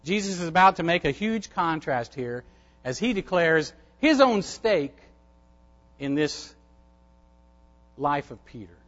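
A male pastor delivers a sermon in a high voice, stressing his points by repeating key phrases. The recording is dull and lo-fi, with the top end rolled off. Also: lively intonation, slow pace, long pauses, a bit bright.

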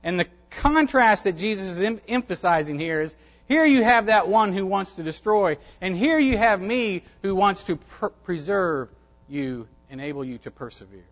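A man's voice: high voice, animated, normal speed, lo-fi sound. A man preaching a sermon as a pastor, emphatic and repeating phrases for stress.

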